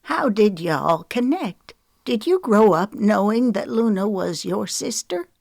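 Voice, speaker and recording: Woman narrator doing an older grandma, sharp and demanding, raised voice, dry close read. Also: medium pitch, lively intonation, measured pace, vocal fry, no echo, pitched above the performer's own voice. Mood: astonished. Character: stern suspicious older Southern grandmother.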